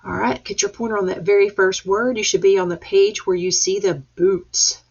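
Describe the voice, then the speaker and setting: A woman's voice: medium pitch, fairly even intonation, normal speed, slightly rough. A woman teacher leading a reading lesson for young children, patiently sounding out letters and words. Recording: dull lo-fi recording.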